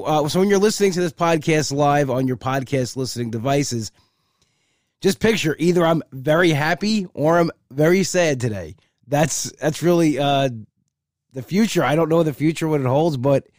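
A man hosting his own podcast in a casual, rambling way, hoarse and congested from a cold with a gravelly voice. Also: mid-range voice, a little mellow, no echo, studio quality. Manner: rambling, repeats words when starting sentences. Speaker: podcast host. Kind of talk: casual solo podcast talk.

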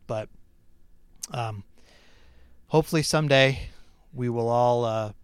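A man co-hosting a podcast in casual chat, animated and teasing, mocking critics in exaggerated voices. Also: mid-range voice, clean tone, dry recording. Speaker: podcast co-host.

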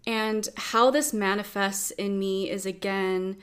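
A woman's voice: medium pitch, fairly even intonation, slow pace, clear, resonant tone. Reflective woman coach talking candidly. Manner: open, reflective, wry dark humor. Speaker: self-empowerment coach. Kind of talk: casual workbook walk-through.

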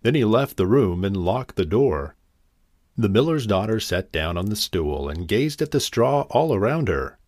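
A man narrating a fairy tale in an expressive, animated reading. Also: on the low side, normal speed, no room sound, clean studio sound. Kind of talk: storybook narration.

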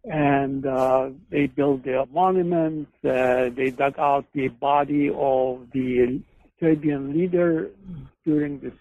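A male author and psychoanalyst, appearing as a guest in a conversational interview, tells case stories in a rambling, discursive way, often hesitating and correcting himself. His voice is medium-pitched and fairly even, slow-paced, with dry phone-line audio.

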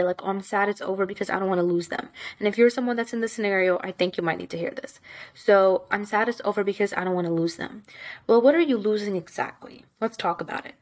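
A woman hosting an advice talk, speaking directly and emphatically, repeating points for stress. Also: medium pitch. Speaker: podcast host giving advice. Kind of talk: casual motivational talk.

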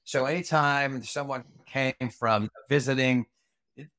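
A middle-aged man, a retired Army Ranger, tells a long story in a relaxed interview. His voice sits at an ordinary middle pitch, and he swears freely, circling back with fillers and restarts. The sound is dry and close, with no room echo. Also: measured pace. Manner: rambling, frequent fillers and restarts, salty language.

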